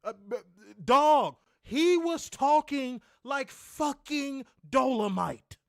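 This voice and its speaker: This is a man with a strikingly high voice, co-hosting a casual podcast. He rants in a profane, exasperated way. The sound is dry and close, with no room echo. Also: animated, slow pace, creaky. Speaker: co-host of wrestling review show.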